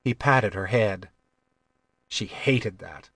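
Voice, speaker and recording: A man narrating an audiobook with a measured, even delivery on a close mic. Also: fairly low pitch, no room sound.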